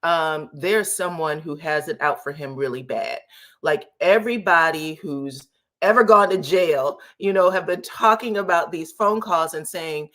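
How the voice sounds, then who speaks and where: A woman with a slightly low voice hosts a relaxed livestream chat. She greets viewers by name and says y'all in an easy, talkative way. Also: measured pace. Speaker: YouTube commentary host.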